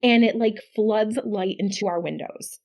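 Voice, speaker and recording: Podcast co-host, woman in middle age, chatty, animated storyteller. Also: medium pitch, a little slow. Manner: chatty, animated when quoting, laughs often. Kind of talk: casual storytelling chat.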